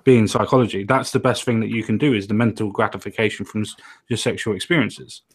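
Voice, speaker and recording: A man's voice: fairly low pitch, fairly even intonation, fast talker, slightly rough. Earnest man explaining at length. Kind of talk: casual chat.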